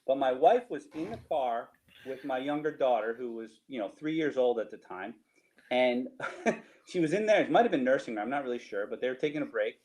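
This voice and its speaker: A middle-aged man with a New Jersey accent tells tailgating stories over slides in a casual, animated way, often laughing and tagging lines with "right?". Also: mid-range voice, fairly quick, poor audio. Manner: animated, laughing, repeats himself, rhetorical "right?". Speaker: storyteller guest.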